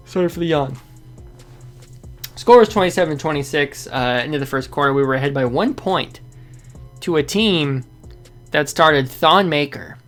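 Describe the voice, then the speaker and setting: A man's voice: fairly high pitch, a bit bright, clear, resonant tone. A man hosting a basketball fan show, giving a casual, rambling game recap that often corrects itself and sounds frustrated.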